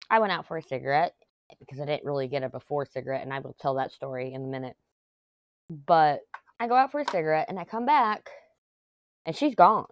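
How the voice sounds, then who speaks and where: A middle-aged craft vlogger with a fairly low voice chats at home while working on a craft, telling rambling family stories. The highs in the audio are cut off.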